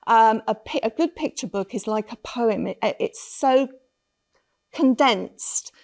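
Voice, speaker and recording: A woman's voice: a little high, lively intonation, takes it slowly, creaky, darkish tone. A woman speaking on a conference panel, telling stories earnestly and reflectively. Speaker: conference speaker on children's literature. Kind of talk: panel talk.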